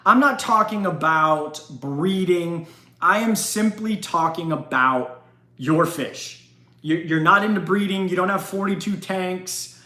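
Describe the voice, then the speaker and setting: A man's voice: a little high, a little slow, pushed and bright, roomy sound. A man hosting an aquarium channel in casual livestream chat, emphatic and chatty with frequent restarts.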